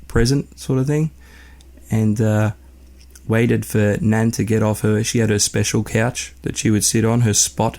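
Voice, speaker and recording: A man's voice: lowish voice, dark tone. A young Australian man tells a story in a casual, laid-back way, swearing and rambling. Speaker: podcast host.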